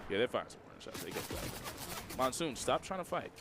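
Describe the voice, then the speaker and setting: A man co-casting an online game tournament, joking around in slangy, expressive banter. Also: mid-range voice, a little fast, gravelly. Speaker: esports co-caster. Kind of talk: casual game commentary and banter. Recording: noisy background ambience.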